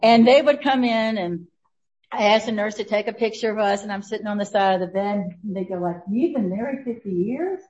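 A woman, sharing a personal testimony with an audience, telling the story warmly and laughing often. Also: mid-range voice, steady tone, fairly quick, muffled recording. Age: 70s.

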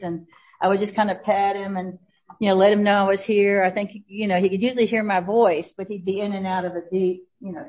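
A woman, sharing a personal testimony with an audience, telling the story warmly and laughing often. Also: medium pitch, lo-fi sound. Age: 70s.

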